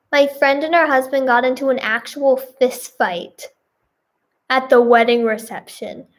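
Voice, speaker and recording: A woman giving casual reaction commentary, reading posts aloud with giggly, exclamatory remarks. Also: sits high. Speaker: singer and video creator.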